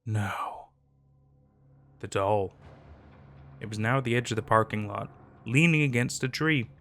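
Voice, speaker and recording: A man's voice: mid-range voice, brisk, gravelly, a bit bright. A man narrating a scary story in a dramatic, tense scripted style over faint background music.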